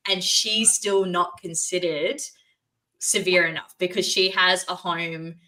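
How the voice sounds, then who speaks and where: A woman's voice: on the low side, steady tone, a little slow, pushed and bright. A woman speaking passionately and with frustration as a guest on a podcast, swearing as she talks. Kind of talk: casual conversation.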